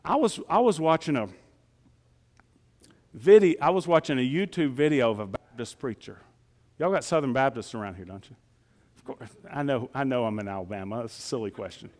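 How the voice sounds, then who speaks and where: A man's voice: mid-range voice, expressive, brisk, darkish tone, big-room sound. A male pastor preaching a sermon in a folksy, conversational way, often asking the congregation rhetorical questions.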